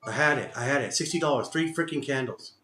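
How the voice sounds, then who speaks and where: A man with a Texan accent streaming his day trading live, berating himself and cursing, swinging between loud outbursts and low muttering. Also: fast. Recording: echoey room sound.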